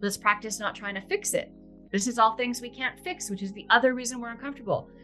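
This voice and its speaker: A woman speaks as a podcast guest in a fairly high, bright, forward voice. She is earnest and expressive, often laughing and using casual fillers. Soft music sits faintly underneath. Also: fast. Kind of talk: conversational podcast interview.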